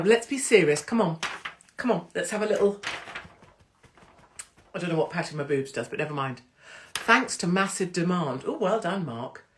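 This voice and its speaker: A woman hosting a casual livestream chat, cheeky and excitable, rambling with asides and joking interruptions as she reads out announcements. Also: lowish voice. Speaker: host.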